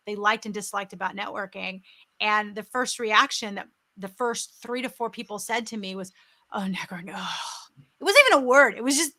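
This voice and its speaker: An effusive woman hosting an online interview, her voice bright and ringing. She pitches a little high and tells her stories with eager energy. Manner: upbeat, effusive, storytelling. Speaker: host. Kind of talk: virtual interview chat.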